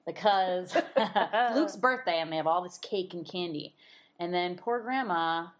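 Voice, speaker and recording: Brief lower-pitched woman co-host, chatty and loose, casual movie recap. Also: measured pace. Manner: chatty, frequent "like" fillers. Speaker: podcast co-host.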